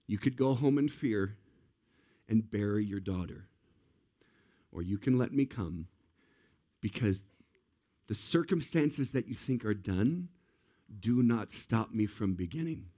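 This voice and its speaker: A man preaching a sermon as a pastor, animated and acting out quotes with playful voices. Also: lowish voice, measured pace, long pauses.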